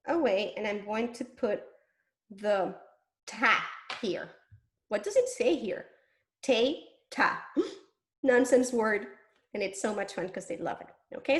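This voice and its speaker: A woman teaching early reading, sounding out syllables slowly and clearly with exaggerated mouth movements and patient encouragement. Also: fairly high pitch, echoey room. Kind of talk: demonstration lesson.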